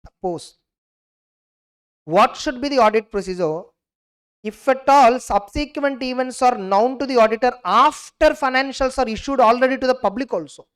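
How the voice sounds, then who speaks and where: A young woman giving an animated exam revision lecture, acting out both sides of each case and checking her class with "clear?". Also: a little high, normal speed. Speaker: teacher.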